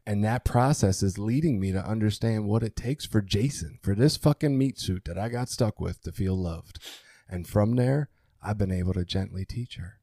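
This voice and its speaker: A man's voice: on the low side, normal speed, warm tone, no echo, studio quality. A man co-hosting a podcast, talking candidly and earnestly about his relationship, swearing freely. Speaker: podcast co-host. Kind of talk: candid conversational podcast talk.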